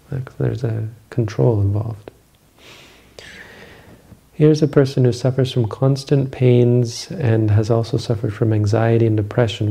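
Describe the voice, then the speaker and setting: Male meditation teacher, husky and mellow, flat and even delivery. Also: on the low side. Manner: calm, measured, explanatory. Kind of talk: answering questions in a talk.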